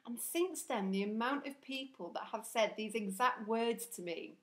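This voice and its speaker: A woman's voice: a little high, moderate pace, fairly bright tone. A woman with a strong Northern English accent, talking through her thoughts in a candid, chatty monologue. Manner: chatty, candid, self-conscious. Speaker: speaker sharing personal reflections. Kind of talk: casual reflective monologue.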